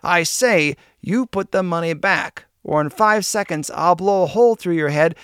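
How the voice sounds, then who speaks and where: A man doing a rough, hardened male robber. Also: on the high side, moderate pace, a bit bright, no echo, studio quality. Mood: threatening. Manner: rough, passionate.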